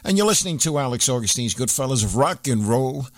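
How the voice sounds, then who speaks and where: A man's voice: medium pitch, expressive, brisk, dry recording. A man hosting an oldies radio show, chatting casually with many fillers.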